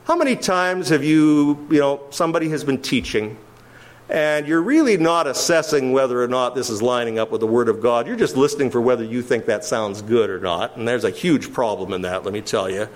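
A man's voice: mid-range voice, brisk. A man preaching an expository sermon to a church congregation, stressing key words with emphasis and putting questions to his listeners. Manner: emphatic, explains the original wording, asks the congregation questions. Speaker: pastor.

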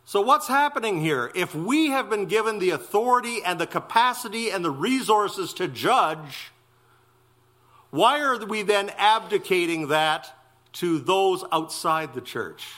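Male pastor, high bright voice, swooping pitch, slow emphatic preaching delivery. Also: expressive. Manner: emphatic, exclamatory preaching with slow stressed phrases. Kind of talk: expository sermon.

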